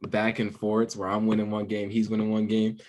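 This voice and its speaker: A young man chatting as a podcast guest musician, laid-back and slangy, telling drawn-out stories. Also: fairly low pitch, monotone, darkish tone, a little hiss or hum. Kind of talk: casual podcast chat.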